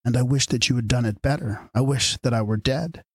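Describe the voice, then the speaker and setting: A man reading as a despairing man who has suddenly turned old, pleading in a squeaky, quavering way. Underneath, the voice stays husky. It is recorded dry and close, as an audiobook reading. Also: brisk, no room sound.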